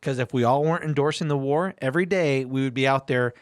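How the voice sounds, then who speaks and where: A man's voice: mid-range voice, fast talker, clear, resonant tone, dry recording, clean studio sound. A man co-hosting a talk show, arguing bluntly and provocatively, with frequent swearing. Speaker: podcast co-host. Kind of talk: opinionated casual talk.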